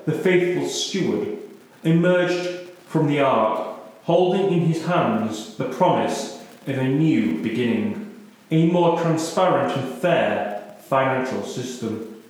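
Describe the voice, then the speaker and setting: A man narrates in a slow, deliberate, solemn cadence, like reading scripture aloud. His voice sits at an ordinary middle pitch. The recording rings with heavy room echo. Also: a little mellow. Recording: very echoey room.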